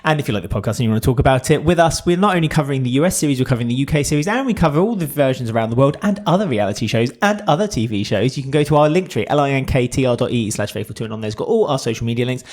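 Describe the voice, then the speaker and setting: A man's voice: mid-range voice, animated, racing, hardly any pauses, a little mellow. A British man co-hosting a podcast in casual, jokey chat. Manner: chatty, jokey, puts on mock accents. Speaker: podcast co-host.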